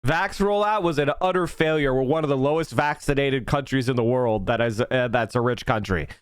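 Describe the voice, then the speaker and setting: A male political commentator from Pennsylvania ranting on a live stream, heated and profane, often breaking into shouts. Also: medium pitch, brisk, smooth, no room sound, studio quality.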